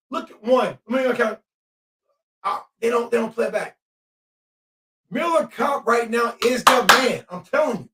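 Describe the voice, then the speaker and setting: Excitable high-voiced man calling a game. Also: normal speed. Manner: excitable, shouts at the refs and players. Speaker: podcast host. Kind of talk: live game-watching commentary. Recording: echoey room, mic at a distance.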